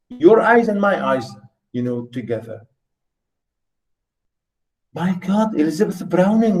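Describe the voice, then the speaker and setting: Older man lecturing slowly, emphatic. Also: on the high side, lively intonation, a little mellow, poor audio. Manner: emphatic, repeats phrases, restarts often. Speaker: literature lecturer. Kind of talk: university lecture.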